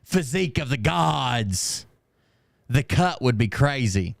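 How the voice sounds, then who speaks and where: A man's voice: mid-range voice, lively intonation, takes it slowly, vocal fry, no echo, clean studio sound. Sarcastic man reading comments aloud. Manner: sarcastic, laughs often, reads comments aloud. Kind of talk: casual mocking commentary.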